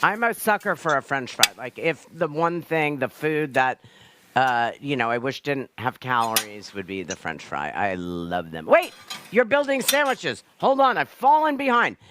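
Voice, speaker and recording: A woman hosting a live online cooking show from her kitchen over a video call, chatty, joking and excitable. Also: rumbling low, normal speed, a little hiss or hum.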